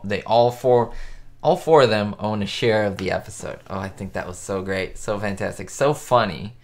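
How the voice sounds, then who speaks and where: Chatty man hosting a live chat, a bit low. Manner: chatty, enthusiastic, quotes show lines in put-on voices. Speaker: host answering live chat questions. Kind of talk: casual live-stream chat. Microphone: webcam or desk mic.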